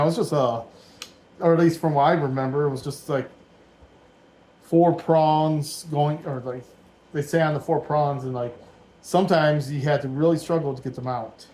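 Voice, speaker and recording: A man's voice: on the high side, a little mellow, low-quality recording. A man in his forties giving casual, rambling commentary while he builds a Lego set at home, thinking aloud as he goes. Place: dim room at home.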